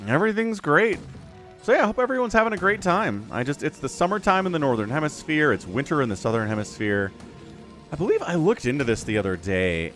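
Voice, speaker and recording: A man giving casual esports commentary as caster, chatty and rambling, getting excitable at the action. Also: mid-range voice. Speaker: game caster.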